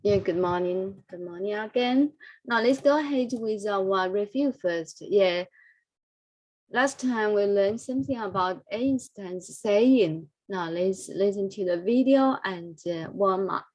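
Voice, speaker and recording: A woman with a medium-pitched, slightly mellow voice teaches an online English lesson with Buddhist prayer, speaking unhurriedly. She drills pronunciation with many repetitions and fillers, and the recording is rough.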